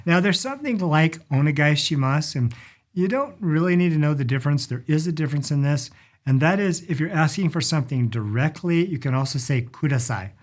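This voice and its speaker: Animated and fairly quick, with a slightly high pitch, a middle-aged language and culture teacher gives a relaxed lesson on travel phrases. He shows how they sound by elongating the vowels.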